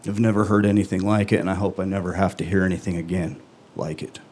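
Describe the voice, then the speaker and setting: Low, flat-voiced man telling a story. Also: slight background noise. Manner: earnest, halting delivery with long pauses. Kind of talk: live first-person storytelling.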